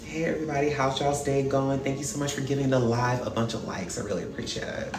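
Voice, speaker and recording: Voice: mid-range voice, fairly even intonation, fast. A live stream host chatting casually and greeting viewers one by one in an upbeat way. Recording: echoey room with faint music.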